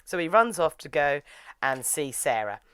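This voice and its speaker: A woman with a notably low voice chats her way through a story recap, filling it with "like" and "you know". Her delivery is loose and conversational. The recording is dry and close. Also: big pitch swings, moderate pace, a bit bright, smooth, no room sound. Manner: chatty, full of "like" and "you know". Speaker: reviewer. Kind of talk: casual plot recap.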